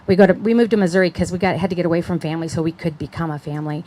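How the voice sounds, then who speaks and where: A woman's voice: lowish voice, fairly even intonation, racing, mellow, low-quality recording. Chatty middle-aged woman telling her testimony. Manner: chatty storytelling that acts out quoted voices; checks in with listeners with "right?". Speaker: conference speaker. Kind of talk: personal testimony talk.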